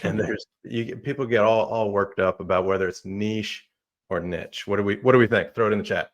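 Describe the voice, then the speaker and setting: A man's voice: on the low side, quick pace. A man moderating a live online Q&A on a video call, reading out audience questions in a friendly, upbeat way. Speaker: moderator and publication founder.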